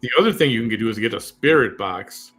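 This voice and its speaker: A man hosting a talk show, chatting casually and getting animated and emphatic. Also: fairly low pitch, a little fast, faint music behind. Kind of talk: casual on-air conversation.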